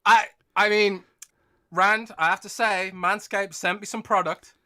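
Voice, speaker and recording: A man's voice: high-pitched, fairly even intonation, unhurried, bright, forceful tone. A man co-hosting a gaming podcast in casual chat, joking and laughing as he reads a sponsor spot. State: tired after feeling unwell. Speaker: podcast co-host.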